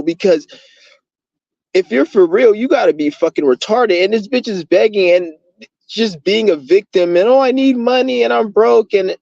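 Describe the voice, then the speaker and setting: A man's voice: fairly high pitch, darkish tone, no echo. A man ranting in a rambling, profane, heated monologue for his channel. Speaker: vlogger. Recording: dull lo-fi dry recording.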